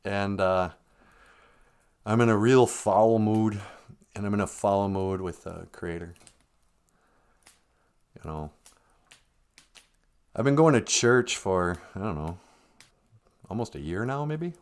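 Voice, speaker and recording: A man's voice: fairly low pitch, slow, pauses often, clear, resonant tone. A man delivering a rambling, sardonic comic monologue on a live stream. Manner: sardonic, rambling, with mocking put-on voices.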